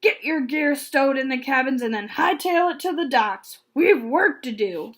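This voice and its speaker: Woman reading as gruff growling pirate captain, burly man, high-voiced take, storybook read-aloud. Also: animated, a little slow, a bit bright. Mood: barking.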